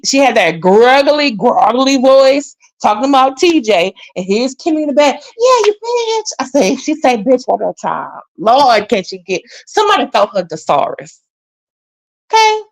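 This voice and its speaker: A woman hosting a casual gossip vlog, animated and sassy as she talks straight to her viewers. Her voice sits on the higher side for a woman and often leaps even higher. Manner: animated, sassy, mimics others, jumps pitch often. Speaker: commentary channel host.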